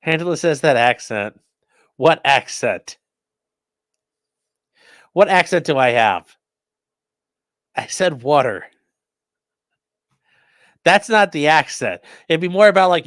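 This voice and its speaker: Brief: sarcastic male streamer, slightly high, tense bright tone, dry close sound, reads chat and riffs. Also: expressive, takes it slowly, long pauses, no echo. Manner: sarcastic, bursts into shouted mock voices. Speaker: streamer reading live chat. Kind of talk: live-stream commentary.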